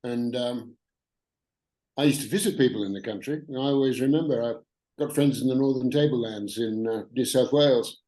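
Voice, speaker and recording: An Australian man talks about his life in a relaxed, anecdotal way. His voice is mellow and unforced. He sounds like a guest calling in to a podcast. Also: medium pitch, normal speed, low-quality recording. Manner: easygoing anecdotal storyteller. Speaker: guest author. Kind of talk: casual interview chat over the line. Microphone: remote call line.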